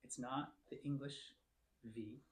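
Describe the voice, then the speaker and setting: A man's voice: medium pitch, fairly even intonation, a little slow. A man teaching a church class, patiently coaxing his students through each word and calling on them by name. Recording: echoey room.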